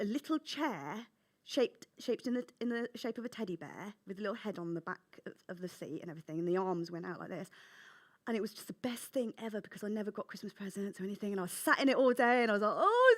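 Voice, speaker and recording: A woman author from England telling childhood stories in a conversational interview, acting out her younger self with animated voices. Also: mid-range voice, fast talker.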